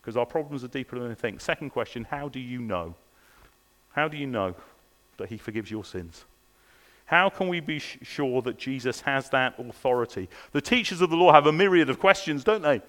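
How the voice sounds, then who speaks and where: A man's voice: medium pitch, animated, brisk, fairly bright tone. A man preaching a sermon at a church service, earnest and pressing his listeners with repeated rhetorical questions. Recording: long reverb of a large hall.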